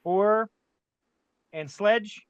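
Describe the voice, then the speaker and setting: A man runs a tabletop game, describing the scene slowly and deliberately. His voice sits a little higher than most men's and is recorded close and dry. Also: smooth, no echo, muffled recording. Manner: unhurried, with frequent restarts. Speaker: game master.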